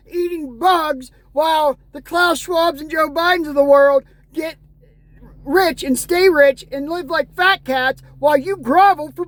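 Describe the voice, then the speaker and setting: High-voiced woman in an exasperated rant. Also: a bit bright. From United States. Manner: ranting, exasperated, sarcastic; reads news headlines aloud. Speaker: vlogger. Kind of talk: angry political rant vlog.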